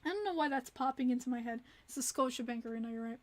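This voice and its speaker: High-voiced chatty woman streamer. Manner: chatty, reacts to viewer chat with quick exclamations. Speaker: livestream host. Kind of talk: casual livestream chat.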